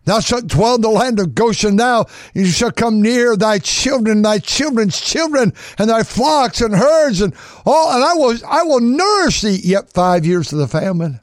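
A man's voice: sits high, animated, moderate pace, no echo, studio quality. A man preaching a sermon, reading scripture aloud and breaking off into fervent commentary, repeating words for emphasis.

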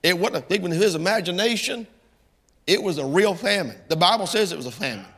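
Middle-aged male preacher, high and gravelly, bright-edged, folksy sermon that builds to impassioned peaks, long hall reverb. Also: lively intonation, fast.

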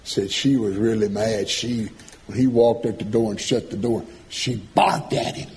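A man preaching a sermon, folksy and animated, swinging from loud calls to soft asides. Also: on the low side, normal speed, a little hiss or hum.

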